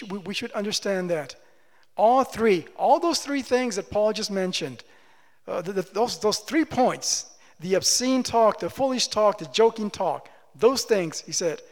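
Male preacher, high voice, emphatic sermon delivery with rhetorical questions, reverberant church hall. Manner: emphatic, repeats phrases, asks the congregation questions. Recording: long reverb of a large hall.

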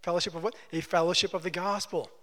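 A man's voice: high voice, flat delivery, fast talker, a bit bright. A man preaching a sermon as pastor, exhorting with emphatic repetition, in a long church reverb.

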